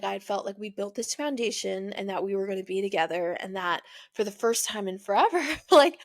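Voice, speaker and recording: A woman's voice: mid-range voice, fairly bright tone. A young woman hosting her own show, telling a personal breakup story in a rambling, confessional way, full of "like" and "you know". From United States. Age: young adult. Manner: rambling, heavy use of "like", emotional confessional. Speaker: podcast host.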